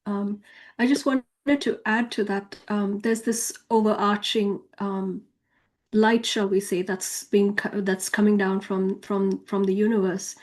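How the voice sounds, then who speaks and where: A woman and author sharing spiritual views in casual talk, soft-spoken with hesitant fillers. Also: medium pitch, fairly even intonation, measured pace. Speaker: author and co-host.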